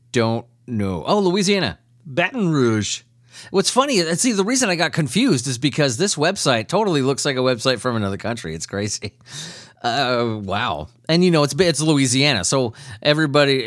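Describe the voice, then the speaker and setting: A man's voice: medium pitch, no echo, studio quality. Profane, laughing male podcast host. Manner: profane, laughing, animated ranting. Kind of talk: casual comedic news commentary.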